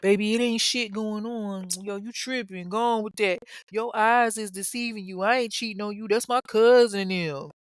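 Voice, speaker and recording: A woman's voice: medium pitch, steady tone, normal speed, dry recording, clean studio sound, pitched above the performer's own voice, natural voice. A woman voicing a cheating husband who casually brushes off his wife's accusations. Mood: dismissive. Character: dismissive cheating husband, man.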